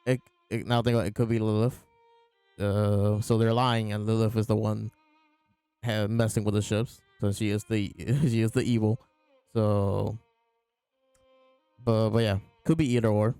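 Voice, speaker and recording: Flat, gravelly low-voiced man. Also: dry recording. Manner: retells scenes by quoting characters in his own voice. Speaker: host reviewing comic chapters. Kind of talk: casual chapter review.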